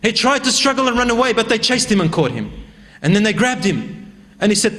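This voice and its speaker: A high-voiced man preaching, telling a religious story with dramatic, animated delivery. He builds the tale with vivid, emphatic phrasing as a sermon storyteller. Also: brisk, few pauses.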